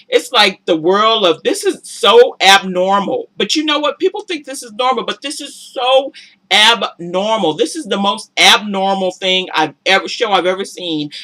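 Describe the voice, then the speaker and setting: A woman giving casual vlog commentary on a reality show, talking in an animated, incredulous way that climbs into exasperated outbursts. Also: medium pitch.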